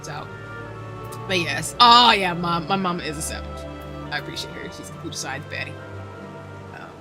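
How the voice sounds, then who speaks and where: A woman's voice: on the low side, lively intonation, normal speed, music in the background. A woman streamer chatting casually while gaming, telling a rambling story and laughing often, on a desk microphone.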